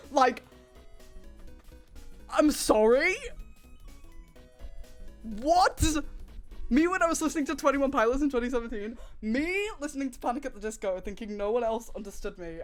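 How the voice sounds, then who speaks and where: A young woman livestreamer chatting casually to her viewers, telling stories with animated sarcasm. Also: fairly high pitch. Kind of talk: casual stream chat.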